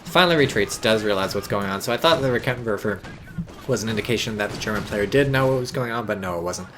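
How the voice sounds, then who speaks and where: A man casting a strategy game match in casual commentary, excitable, sarcastic and swearing freely. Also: fairly low pitch, quick pace, noisy background. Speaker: game caster.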